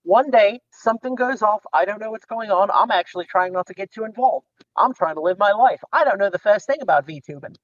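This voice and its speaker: High-pitched guy rambling through a story, dry close sound, kinda dull lo-fi audio. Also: a little fast, no room sound. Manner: rambling, animated retelling with quoted dialogue. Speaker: guest. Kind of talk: casual storytelling chat.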